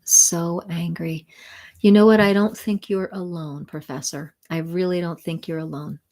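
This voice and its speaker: A woman spiritual mentor and sound healer, talking gently and soothingly to viewers of a live stream. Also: on the low side, fairly even intonation, measured pace.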